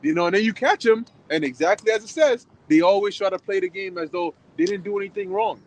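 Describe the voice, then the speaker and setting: A man's voice: sits high, fast, low-quality recording. A man in a casual group chat who talks loosely and repeats words as he goes. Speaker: discussion participant.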